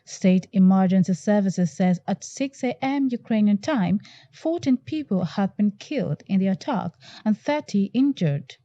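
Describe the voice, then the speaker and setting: Woman news reporter, very dark mellow tone, dry muffled lo-fi recording, formal read. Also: medium pitch, expressive, no room sound. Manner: measured, formal delivery. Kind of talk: scripted news voice-over.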